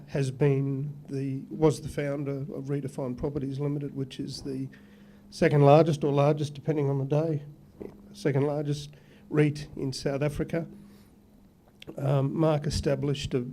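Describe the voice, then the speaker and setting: Flat-toned Australian man. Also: mid-range voice, slight background noise. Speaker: company executive. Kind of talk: formal meeting remarks.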